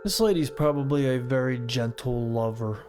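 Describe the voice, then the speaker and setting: A man's voice: medium pitch, normal speed, loud music behind the voice. A man giving rambling, profane, joking reaction commentary on videos. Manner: joking, crude, rambling asides.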